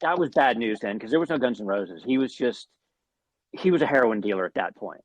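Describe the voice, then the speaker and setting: A man, a guest musician, telling animated anecdotes in an interview, swearing often and restarting his sentences. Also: mid-range voice, a little fast, dry recording. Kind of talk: storytelling in an interview.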